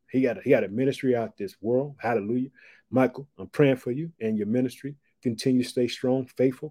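Man, sermon, fervent preacher, soft asides to loud proclamations, warm dark tone. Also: mid-range voice.

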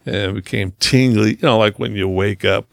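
A man speaking as a podcast guest, telling his own story in earnest conversation and slowing down to stress key moments. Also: on the low side, fairly even intonation, creaky, dry recording.

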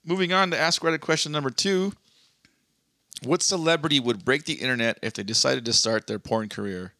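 A man's voice: medium pitch, brisk, pushed and bright, no echo, clean studio sound. A man co-hosting a podcast, reading out Reddit posts in casual, crude, joking chat. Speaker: podcast co-host.

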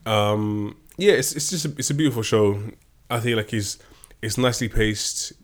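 A man's voice: fairly low pitch, moderate pace. A man co-hosting a podcast in casual chat, playful and rambling, often restarting his sentences. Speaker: podcast co-host.

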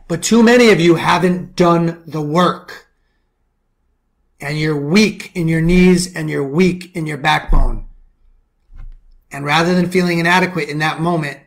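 Middle-aged New York man, men's coach and podcast host, slightly high-pitched, forceful motivational delivery. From the Bronx, New York. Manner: forceful preaching, rhetorical questions, drops to low intense tones. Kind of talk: motivational monologue.

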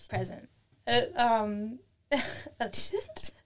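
A middle-aged Australian woman telling a story in casual chat, animated and chatty, laughing often and acting out what people said. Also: a little high, very slow, slight background noise. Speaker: interview guest.

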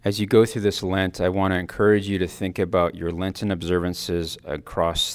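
A man giving a personal devotional talk, earnest and reflective, his phrases often trailing off softly. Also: deep voice, flat delivery, moderate pace, hardly any pauses. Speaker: Christian speaker giving a Lenten reflection.

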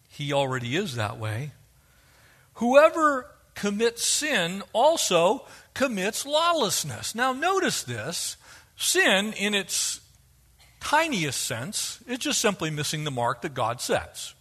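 A male preacher with a high, bright voice that swoops all over as he speaks. He is animated and slips into quoted voices to make his point. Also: takes it slowly, pauses often. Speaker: pastor. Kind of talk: sermon.

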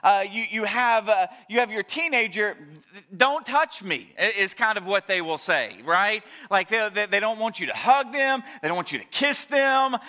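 High, bright-voiced man preaching. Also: lively intonation, normal speed, few pauses. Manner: chatty, storytelling, frequent restarts; drops to a soft, quiet tone. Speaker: pastor. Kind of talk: Mother's Day sermon. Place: church service, also streamed online.

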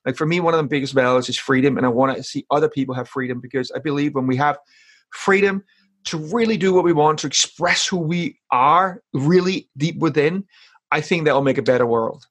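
A man's voice: fairly high pitch, fairly quick, a bit bright. Earnest man talking as an interview guest. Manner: earnest, repeats words while thinking. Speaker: guest, speaking coach and author. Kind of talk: casual interview chat.

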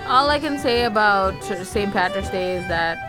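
A woman's voice: mid-range voice, lively intonation, moderate pace, over music. A woman in her thirties co-hosting a casual podcast, blunt and teasing, swearing freely. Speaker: podcast co-host. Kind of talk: casual chat.

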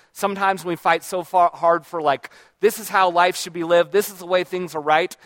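A book reviewer talks casually and thoughtfully about books he's read, rambling, often restarting and correcting himself. His voice sits on the high side with a fairly bright tone, and there's no room sound.

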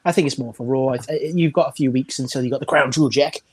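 A man's voice: medium pitch, fast talker, a little hiss or hum. A British man co-hosting a wrestling chat show, talking at length and playfully acting out wrestlers' lines. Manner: chatty, acts out wrestlers' lines. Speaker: podcast co-host.

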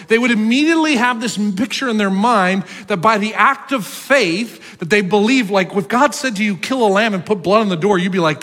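A high-voiced man with a New Jersey accent preaches in a long-echoing hall. His pitch leaps and dips as he tells the story. He acts out quotes with a lively, playful delivery. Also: normal speed. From North Jersey. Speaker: pastor. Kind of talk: sermon.

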